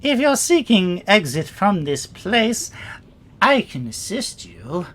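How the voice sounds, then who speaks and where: A woman voicing a courtly, sly old crone who speaks slowly and in a mannered way. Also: medium pitch, sing-song, a bit bright, exaggerated voice.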